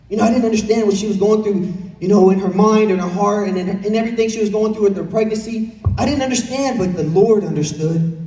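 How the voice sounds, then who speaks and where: High-voiced preacher in an echoey church. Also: male voice, mellow. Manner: earnest preaching with repeated phrases and questions to the congregation. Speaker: pastor. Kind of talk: sermon. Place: church sanctuary. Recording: echoey church hall from far off.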